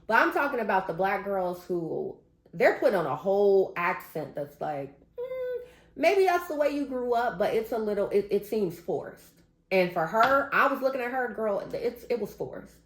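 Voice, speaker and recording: Woman vlogger, emphatic casual vent straight to camera, mid pitch, roomy echo. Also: animated, normal speed. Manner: emphatic, talks straight to viewers.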